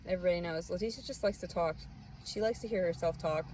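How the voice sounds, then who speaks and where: Lady venting, cussing a lot, kinda low voice, bit of noise behind. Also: fast talker, darkish tone, rough recording. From Southern US. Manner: angry, profane and bitter. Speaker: vlogger. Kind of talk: rambling personal vent.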